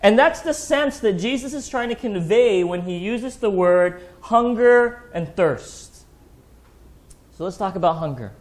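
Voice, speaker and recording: A man's voice: high-pitched, expressive, measured pace. A man in his thirties preaching a sermon to a church congregation in a casual, conversational way, often checking in with the listeners. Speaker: pastor. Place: church hall.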